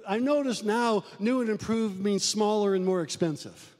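A man's voice: high-pitched, normal speed, darkish tone, big-room sound. A middle-aged male pastor preaching a sermon, with emphatic rises and sudden drops in his delivery.

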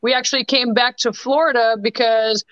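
A young woman chats as a podcast guest in a bright, crisp voice, telling stories in quick bursts full of restarts and fillers. Her sound is dry and a little dull, like lo-fi remote call audio. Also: on the high side, fairly even intonation, no echo. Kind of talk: casual storytelling chat.

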